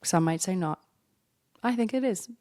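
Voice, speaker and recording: A woman hosting a solo podcast with a head cold, her voice husky and congested, rambling and laughing at herself in casual chat. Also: medium pitch, lively intonation, moderate pace, darkish tone, dry recording, studio quality. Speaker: podcast host.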